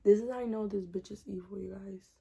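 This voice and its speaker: A young woman recounts a personal story to her viewers in a casual vlog. Her voice is warm and mellow, and she swears freely while acting out what each person said. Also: mid-range voice, quick pace, vocal fry, slightly rough. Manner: animated, profane, acts out dialogue.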